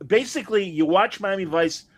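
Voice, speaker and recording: A man's voice: sits high, moderate pace, no echo. A man in his fifties co-hosting a podcast, chatting and telling nostalgic stories in a casual way. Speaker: podcast co-host. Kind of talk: casual chat.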